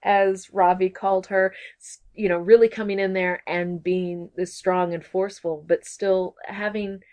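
A woman's voice: mid-range voice, flat delivery, unhurried, darkish tone. A woman from Texas co-hosting a podcast, chatting casually and gushing about a TV episode. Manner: bubbly and gushing, with giggly asides. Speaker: podcast co-host. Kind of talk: casual chat recapping a TV episode.

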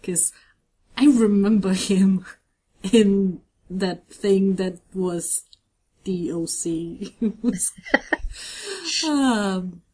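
Woman, podcast co-host, slow unhurried pace, enthusiastic rambling recap chat. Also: mid-range voice, mellow, slightly rough. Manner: enthusiastic, rambling with many fillers.

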